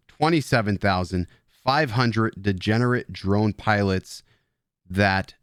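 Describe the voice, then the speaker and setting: Man, live stream host, rambling and profane, lowish voice, dry close mic. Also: clear, resonant tone, dry recording. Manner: rambling, joking, profane banter with chat; drinking beer while talking. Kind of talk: casual live stream chat.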